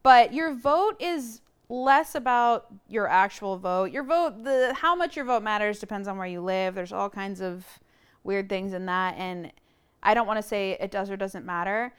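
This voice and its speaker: A woman's voice: mid-range voice, moderate pace, clean tone. A woman guest on a podcast, talking earnestly in casual conversation and searching for her words, on a lapel mic. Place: room shared with host.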